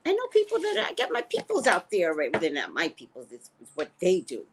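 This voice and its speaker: An older woman hosting a casual live stream, chatting with viewers and greeting them by name in sudden high squeals. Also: huge pitch swings, fast talker, vocal fry, background noise. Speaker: live-stream psychic host.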